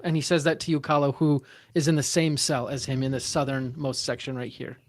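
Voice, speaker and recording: A man narrating a tabletop one-shot as game master, halting with many fillers and restarts. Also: mid-range voice, flat delivery, no room sound.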